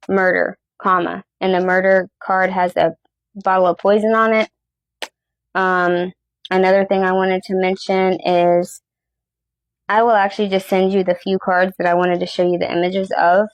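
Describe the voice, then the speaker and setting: Flat-voiced woman host, casual chat. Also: medium pitch, no room sound, muffled recording. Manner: blunt, swears freely, reads lists aloud. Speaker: host, tarot reader.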